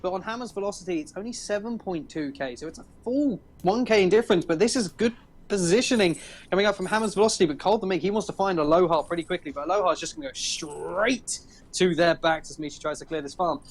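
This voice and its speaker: A British man casting a live esports match, excitable and quick to shout at big plays. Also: sits high. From Britain. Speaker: esports caster. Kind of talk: live game commentary.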